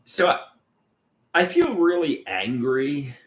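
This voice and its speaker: A man's voice: a little high, sing-song. Frustrated man livestreaming in an echoey room. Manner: halting, restarts, frustrated and glum. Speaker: livestream host reading chat. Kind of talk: casual livestream chat.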